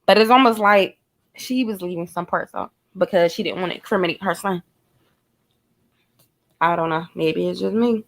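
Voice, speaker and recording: A woman's voice: on the low side, moderate pace, vocal fry, long pauses. A woman giving blunt, profane commentary, speculating and talking straight to her viewers in a casual vlog. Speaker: true crime commentator.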